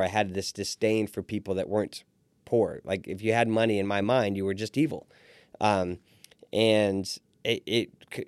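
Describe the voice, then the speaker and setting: This podcast guest, a restaurant owner in his forties, tells his story in a casual interview and acts out quoted voices with animated energy. His lowish voice is clear and resonant, captured in a dry recording.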